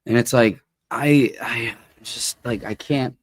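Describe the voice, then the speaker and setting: A man's voice: medium pitch, slow, slightly rough, no echo. A man hosting a podcast, chatting casually in a rambling way with many restarts. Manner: rambling, restarts often, animated when amused. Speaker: podcast host. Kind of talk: casual chat.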